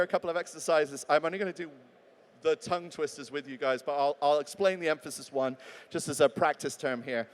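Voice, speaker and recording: A man giving a live talk as a voice actor, chatty and joking, acting out example readings. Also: on the high side. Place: large talk venue. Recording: long hall reverb.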